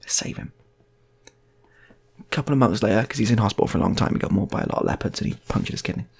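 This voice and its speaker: A man's voice: fairly low pitch, racing, gravelly, slightly rough. A man improvising comic stories in a rambling, laid-back way, repeating himself. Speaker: storyteller.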